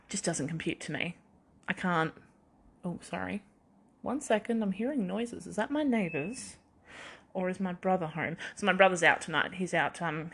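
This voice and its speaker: Her voice is husky and fairly low, yet fairly bright in tone. She's a young adult podcast host working solo, drifting through chatty, rambling talk and frequently laughing at her own expense.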